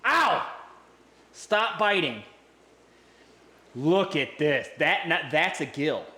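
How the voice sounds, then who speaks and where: An excitable man giving hands-on vlog commentary beside a big fish tank, exclaiming and repeating himself as he talks to his viewers. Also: on the high side, slow pace, reverberant. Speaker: fish-keeping vlogger. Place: indoors by a large fish tank. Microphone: camera mic, handheld.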